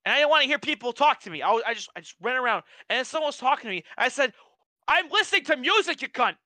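A young man co-hosting a casual podcast, telling stories in an animated, profane way with frequent restarts. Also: extremely high pitch, very fast, dry recording. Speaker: podcast co-host. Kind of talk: casual chat.

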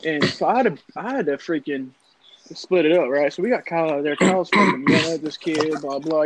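Young man, slightly high voice, profane rambling anecdote, noisy casual recording. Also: sing-song, a little fast. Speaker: storyteller. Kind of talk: casual storytelling among friends.

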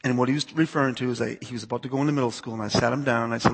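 A man's voice: mid-range voice, steady tone, very fast, creaky, few pauses, slightly rough. A youth pastor in his forties who grew up on the US East Coast, giving a talk to a church audience in a conversational manner, repeating words and asking listeners to raise their hands.

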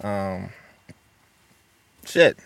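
A man's voice: deep voice, animated, extremely slow, gravelly, no room sound. A young man hosting a solo podcast, talking bluntly and profanely and rambling with lots of fillers. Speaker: podcast host.

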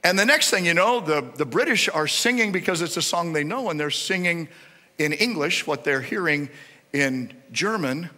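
A male pastor preaching a sermon with animated, rising and falling emphasis. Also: on the high side, moderate pace. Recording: reverberant hall.

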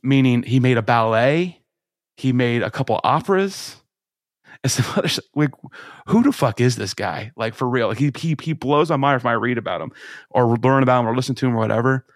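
A man co-hosting a podcast, talking in a rambling, excited way with many restarts, swearing and laughing. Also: mid-range voice, a little fast, no echo, clean studio sound. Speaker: podcast co-host. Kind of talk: casual chat.

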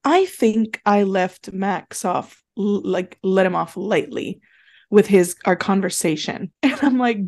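A woman's voice: mid-range voice, slow pace. A young woman co-hosting a casual podcast chat, retelling what people said with lots of laughs. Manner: chatty, giggly, acts out quotes in a flat deadpan. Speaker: podcast co-host recapping a reality show.

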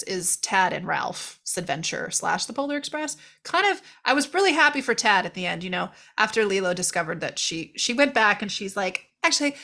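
Her mid-range voice comes across bright and forceful. As a podcast co-host reviewing a film, she chats casually and animatedly, breaking into laughter and swearing while mimicking the characters.

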